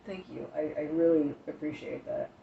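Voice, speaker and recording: A woman streamer chatting casually with her viewers, emotional and tearful at times, talking in slow, halting bits with many pauses. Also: low voice, fairly even intonation, gravelly. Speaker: live streamer. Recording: dull lo-fi stream audio with faint hiss.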